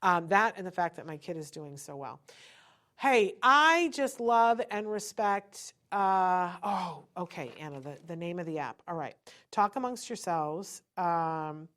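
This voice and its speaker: A woman's voice: fairly low pitch, fairly bright tone. A middle-aged woman hosting a live-stream podcast, chatting with viewers in an encouraging way. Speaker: podcast host.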